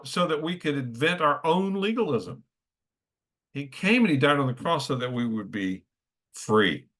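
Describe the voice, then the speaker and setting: A man's voice: mid-range voice, a bit bright. A middle-aged man preaching a sermon in a conversational way, often checking in with his listeners. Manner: conversational, keeps checking in with "okay?".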